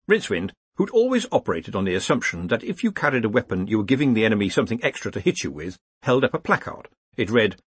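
A man reading an audiobook in a wry, expressive storytelling manner. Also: fairly low pitch, fast talker, hardly any pauses, breathy edge, dry recording. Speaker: audiobook narrator. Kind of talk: scripted narration.

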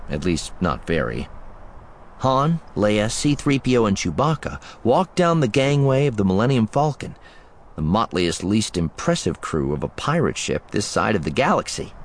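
A man narrating a story chapter in an expressive, playful way. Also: lowish voice, a little hiss or hum. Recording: background music under the voice.

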